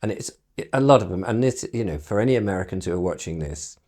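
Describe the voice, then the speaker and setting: A middle-aged British broadcaster chatting casually, telling an animated story, laughing often and acting out what people said. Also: male voice, low voice, fast. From Britain. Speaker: broadcaster being painted. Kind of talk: casual chat.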